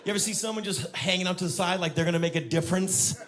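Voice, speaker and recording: A man's voice: high voice, racing, crowd noise. A man doing stand-up on a club stage, acting out conversations with his friend. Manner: animated, acts out both sides of conversations. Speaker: stand-up comedian. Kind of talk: stand-up comedy.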